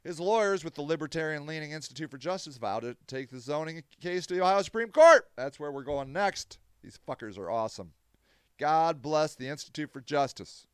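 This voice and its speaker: A man's voice: on the high side, clean tone, no echo, studio quality. A man hosting a podcast, ranting angrily with heavy swearing and sarcasm while reading out and mocking news quotes. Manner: heated, profane, sarcastic. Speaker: podcast host running a tent shelter. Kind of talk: angry podcast rant.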